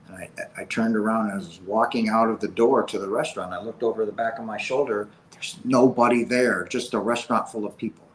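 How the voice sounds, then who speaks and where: A man's voice: lowish voice, steady tone, fairly quick, a little hiss or hum. A man telling a personal story casually, with frequent "like" and "right?". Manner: recounts events with frequent "like" and "right?". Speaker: guest sharing a personal experience. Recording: roomy, faint background ambience.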